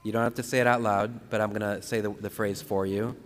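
A man who is a priest, teaching and leading a guided prayer slowly and calmly, repeating phrases with pauses for breathing. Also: lowish voice. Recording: long reverberant room sound.

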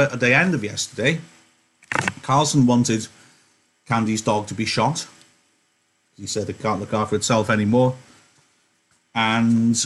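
A man's voice: medium pitch, husky. A man teaching an online literature lesson, chatty and joking, interrupting his own reading to explain. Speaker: English teacher.

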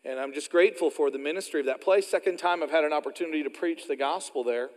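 Folksy Oklahoma pastor in a reverberant sanctuary. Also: male voice, a little high, fast. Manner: folksy storytelling, self-deprecating asides. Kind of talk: sermon.

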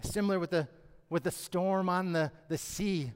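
A man's voice: sits high, moderate pace, smooth. A man preaching a sermon who acts out the pleading voices of the characters in his story. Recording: long hall reverb.

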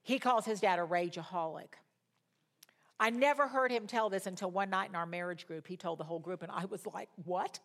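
A woman's voice: mid-range voice, brisk. Dramatic middle-aged woman teaching Bible study. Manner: dramatic and expressive storyteller.

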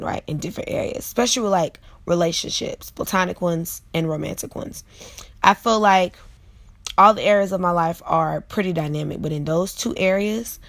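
Late-20s female vlog host, low and a bit gravelly, chatty and direct, dry close sound. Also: fairly bright tone, dry recording. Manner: chatty, frequent fillers, talks to viewers directly. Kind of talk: casual motivational vlog monologue.

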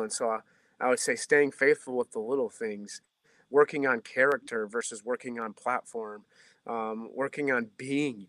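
A man's voice: mid-range voice, a bit bright, no echo. A man in his thirties, a pastor guest on a podcast interview, giving earnest, reflective answers with a preacher-like cadence. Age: 30s.

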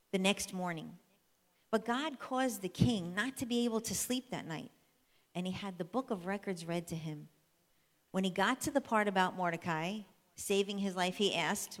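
A woman telling a Bible story as a sermon, lively and conversational, drawing the listeners in. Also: on the low side. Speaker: church speaker. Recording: long reverb of a large hall.

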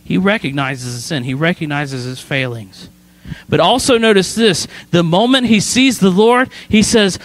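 A man's voice: high voice, moderate pace, no room sound. A man, a student pastor, preaching a sermon in a chatty storytelling way, often checking in with "right?". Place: church sanctuary.

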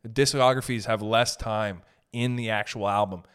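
A young man ranting in a profane, animated way during casual podcast chat. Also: fairly low pitch, normal speed, smooth. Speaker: podcast host.

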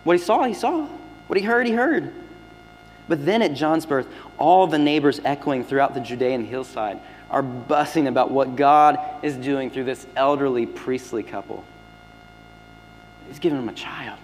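A man preaching a sermon as pastor, swinging between loud emphatic lines and hushed, near-whispered ones. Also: mid-range voice, moderate pace, a little hiss or hum. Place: church sanctuary. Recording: long hall reverb with faint music.

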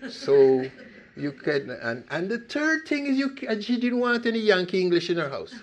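An older man from Costa Rica telling his life story in an animated, emphatic way with frequent restarts. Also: high voice, normal speed. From Limón province, Costa Rica. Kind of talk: personal storytelling talk.

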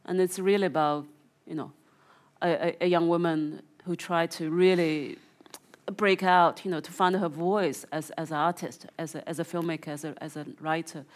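A woman's voice: deep voice, fairly even intonation, normal speed. A woman from China who is an author and filmmaker, talking in an interview with frequent restarts and many "you know"s, and reading aloud from her memoir. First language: Chinese.

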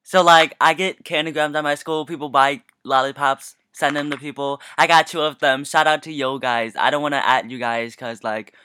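A man's voice: on the high side, steady tone, normal speed, hardly any pauses, bright, forceful tone, clean tone, dry recording. A young man co-hosting a casual podcast, telling stories in a playful, joking way. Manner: playful, jokey storytelling. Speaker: podcast co-host. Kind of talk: casual chat.

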